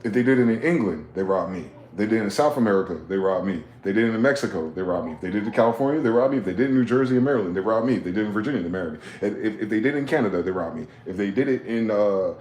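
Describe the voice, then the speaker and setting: Profane rambling man, low voice, echoey room. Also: lively intonation, very fast, hardly any pauses. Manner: profane, rambling, swings from loud to muttering. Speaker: vlogger. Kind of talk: late-night monologue to camera.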